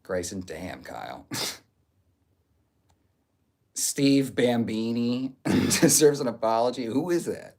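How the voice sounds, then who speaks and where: Guy on a livestream reading chat out loud, crude jokes, talks kinda slow. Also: medium pitch, sing-song, creaky. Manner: jokey, crude banter, reads viewer comments aloud.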